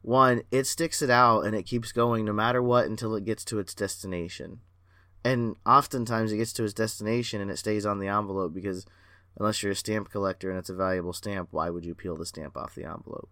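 A man hosting a solo podcast as a performance coach, excitable and rambling, talking in a self-aware way. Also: fairly low pitch, fairly quick, no echo, studio quality.

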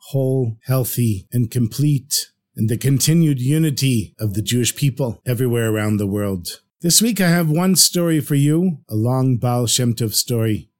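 A man hosting a podcast, telling a long traditional story with warm, heartfelt narration and lively voices for its characters. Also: mid-range voice.

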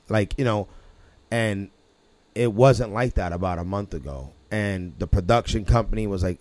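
A man's voice: lowish voice, fairly even intonation, moderate pace, a little mellow, dry recording. A man hosting a casual podcast chat, rambling with many restarts and chuckles. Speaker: podcast host.

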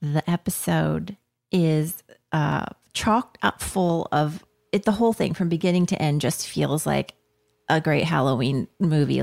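A woman with a gravelly edge to her mid-pitched voice chats casually as a podcast co-host. She talks over a video call, quick with asides and laughs. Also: a little mellow. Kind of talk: casual chat.

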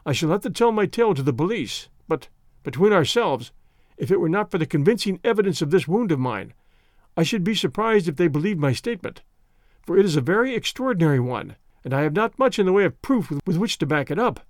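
Brief: nervous, courteous young engineer, read by a man, bright-pitched, dry close sound. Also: big pitch swings, fairly quick, no room sound. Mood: shaken. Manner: polite, weary, nervous. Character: young male engineer, pale and shaken.

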